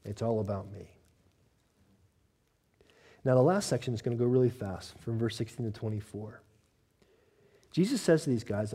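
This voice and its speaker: Male pastor, animated sermon delivery with acted quotes; mellow tone, long hall reverb. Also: medium pitch, normal speed, pauses often, husky. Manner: animated preaching, acting out quotes, laughs.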